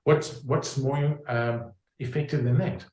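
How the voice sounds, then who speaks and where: A man's voice: mid-range voice, steady tone, slow pace, darkish tone, roomy sound, poor audio. A man explaining his homeopathic practice in an interview, using homely examples with frequent fillers and restarts. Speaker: homeopath guest.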